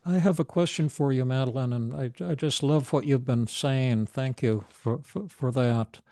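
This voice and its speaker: An older man, a psychiatrist leading a live therapy demonstration, speaking gently and affirmingly. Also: medium pitch, normal speed.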